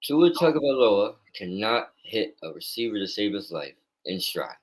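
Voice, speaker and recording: Low-voiced excitable man talking football. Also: moderate pace, poor audio. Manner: blunt, excitable trash talk. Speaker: co-host. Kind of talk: casual sports picks chat.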